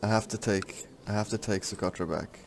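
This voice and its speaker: A man's voice: fairly low pitch, steady tone, fairly quick, vocal fry, slight background noise. A man giving casual gameplay commentary on a strategy game, thinking aloud in a rambling, frank way. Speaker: strategy game let's-player.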